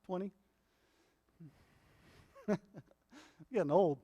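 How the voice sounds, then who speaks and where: High-voiced middle-aged pastor, hall reverb. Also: male voice, extremely slow, muffled recording. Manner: impassioned, builds to loud repeated refrains, checks in with "right?". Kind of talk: sermon. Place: church sanctuary.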